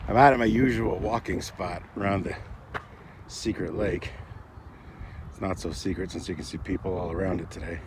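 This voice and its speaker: Walking along a windy lakeside and sitting in a parked car, a man in his forties narrates a casual vlog, rambling in a chatty, self-mocking way full of little asides. His deep voice stays fairly even at a moderate pace with long pauses, and wind and traffic noise come through the outdoor recording.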